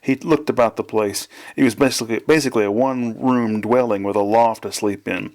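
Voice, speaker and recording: A man, the author, reading his novel aloud in a plain, measured way. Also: lowish voice, steady tone, a little mellow.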